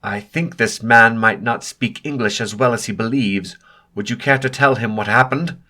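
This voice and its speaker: A man voicing an indignant older male professor who snaps and protests loudly. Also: medium pitch, normal speed, voice pushed up, lightly acted. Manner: loud, indignant, snappish.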